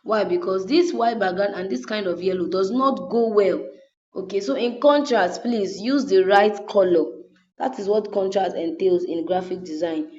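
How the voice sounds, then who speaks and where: A woman's voice: mid-range voice, normal speed, darkish tone. A woman teaching graphic design in a patient, step-by-step way, often checking in with her viewers. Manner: patient, repeatedly checks in with "okay?". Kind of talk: screen-recorded design tutorial. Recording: dull lo-fi recording.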